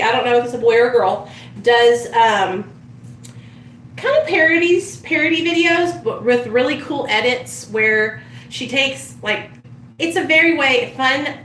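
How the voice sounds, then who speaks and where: A woman's voice: on the high side, bright, forceful tone, distant mic, a little hiss or hum. Chatty woman vlogging in an echoey room. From United States. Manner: chatty storytelling, swears freely. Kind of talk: casual live stream chat.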